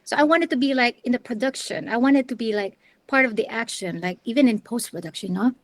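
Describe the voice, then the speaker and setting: A middle-aged woman from the Philippines, telling her story as an interview guest in a chatty, animated way with lots of restarts. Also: fairly high pitch, fairly quick, no room sound. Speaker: interview guest, wedding planner and videographer.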